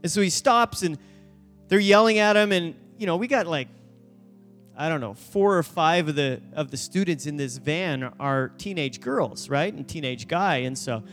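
A high-pitched man tells a story from the pulpit as a youth pastor, bringing each person in it to life. His voice carries a long reverb from a large church hall, and soft instrumental music plays underneath. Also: normal speed. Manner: animated storyteller, acting out voices in quotes. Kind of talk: sermon storytelling.

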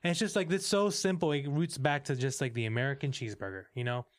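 Swearing, animated young man reviewing movies. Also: mid-range voice, quick pace, dry recording, clean studio sound. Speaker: podcast co-host. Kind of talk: casual movie review chat.

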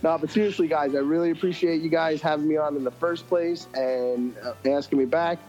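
Halting male podcast guest, dull lo-fi sound. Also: on the high side, steady tone, mellow, faint music behind. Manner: halting, repeats words. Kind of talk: casual podcast chat.

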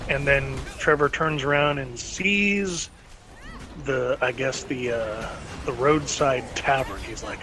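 A man's voice: medium pitch, unhurried, poor audio. A man chatting casually, retelling a cartoon episode and acting out the characters' lines. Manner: rambling storytelling, acts out character lines.

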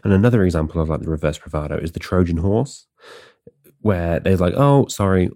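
A man with a low, gravelly voice rambles through his podcast in a casual monologue. His tone is dark and his talk is sardonic and full of swearing. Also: fairly quick. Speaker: podcast host.

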